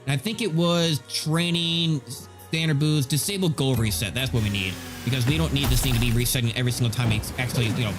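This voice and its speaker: A man streaming a game, chatting casually and rambling as he tests his settings, his voice slightly nasal on a streaming mic. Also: medium pitch. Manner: rambling and self-correcting, chatty. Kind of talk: casual live-stream chat while gaming. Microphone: streaming microphone. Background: game audio.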